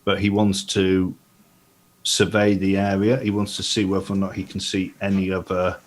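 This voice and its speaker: A man taking part in a tabletop role-playing game, laying out his character's moves. He speaks in a fairly low voice, restarting and repeating phrases. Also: monotone, normal speed. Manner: hesitant, repeats himself. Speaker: player.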